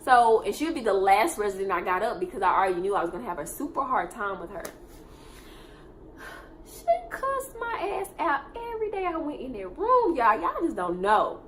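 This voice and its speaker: Animated, profane young woman with a light hiss. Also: moderate pace. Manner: animated, profane, swings from low mutters to loud outbursts. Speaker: vlogger telling a work story. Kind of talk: casual storytime monologue.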